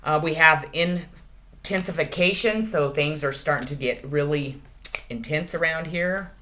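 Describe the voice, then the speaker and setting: Low-voiced crude woman doing tarot. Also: a little slow, a little hiss or hum. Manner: crude, profane, swings between loud and soft. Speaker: tarot reader. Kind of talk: casual tarot reading monologue.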